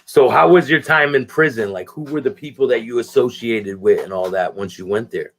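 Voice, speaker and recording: A man's voice: mid-range voice, brisk, a little hiss or hum. A man interviewing a guest, asking short questions and nudging the story along. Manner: brief prompting questions and backchannels. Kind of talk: casual interview.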